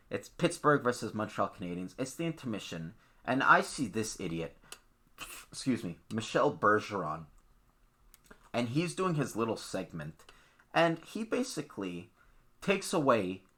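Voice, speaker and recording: A man's voice: fairly low pitch, a bit bright. A man hosting a sports podcast, talking bluntly and opinionatedly in a ranting, casual way. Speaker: podcast host.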